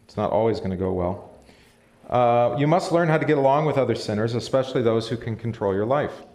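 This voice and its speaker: A man's voice: medium pitch, expressive, a little fast, darkish tone. A man teaching a casual Bible study as pastor, talking to the room, asking questions and reading passages aloud. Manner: conversational, asks the room questions, chuckles. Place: church or classroom. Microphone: live stream mic.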